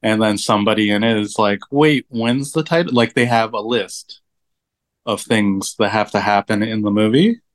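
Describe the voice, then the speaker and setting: A man's voice: fairly low pitch, steady tone, normal speed. A man joining a casual film podcast as a guest, talking in a loose, rambling way with many fillers.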